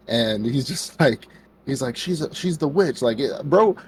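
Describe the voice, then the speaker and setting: A man co-hosting a podcast recaps an anime episode in a loose, rambling way, acting out what the characters say with plenty of "like" and "bro." His medium-pitched voice is slightly mellow with lively intonation at normal speed, and a little hiss or hum is audible.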